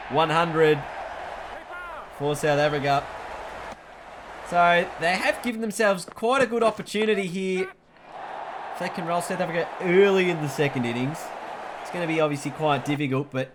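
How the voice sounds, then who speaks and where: Aussie guy doing casual cricket game commentary, bit high voiced, jokey, trips over names, noisy recording. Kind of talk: play-by-play commentary.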